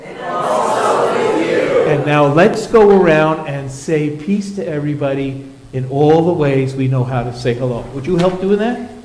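A man's voice: a little high, normal speed, noisy background. A man leading a children's moment in a church service as pastor, playful and coaxing as he talks with the kids. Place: church sanctuary. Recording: echoey church sanctuary.

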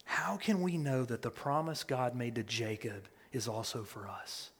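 A male pastor preaching a sermon, swinging from hushed near-whispers to loud proclamation. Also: medium pitch, moderate pace, breathy edge, in a large hall.

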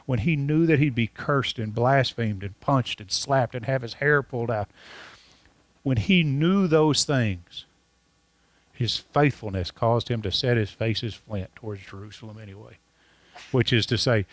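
A man preaches in an earnest, repetitive style. He slows down to lean on key lines, with his voice at an ordinary middle pitch. The sound is dry and close, with little room around it. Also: no room sound. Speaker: pastor. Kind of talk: sermon.

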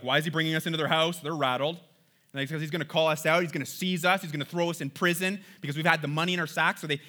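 A man preaching a sermon in a conversational, animated way, reading scripture and acting out the people in it. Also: mid-range voice. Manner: conversational, animated, acts out quoted lines. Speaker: pastor.

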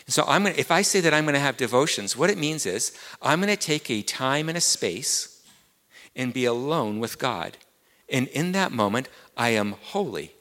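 A man's voice: medium pitch, sing-song, moderate pace, sharp tone, long reverb tail. A man with an English accent preaching a sermon as pastor, earnest and repeating key words, climbing to emphatic peaks.

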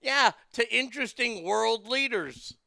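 A man's voice: extremely high pitch, animated, a little slow, creaky, bright, forceful tone, no room sound. A man hosting a casual talk show who reads news items aloud and riffs on them, brash and profane, laughing at his own jokes. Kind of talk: casual political commentary.

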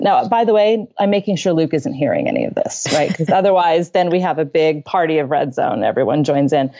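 A woman's voice: low voice, sing-song, fairly quick, hardly any pauses, mellow, highs cut off. A middle-aged woman on a parenting podcast, telling a story from home in an earnest, conversational way, laughing often and acting out quotes. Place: home bedroom.

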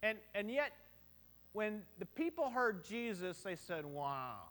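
A man's voice: high voice, expressive, measured pace, fairly bright tone. A middle-aged man preaching a sermon in a conversational, joking way, full of rhetorical questions and short on sleep. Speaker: pastor.

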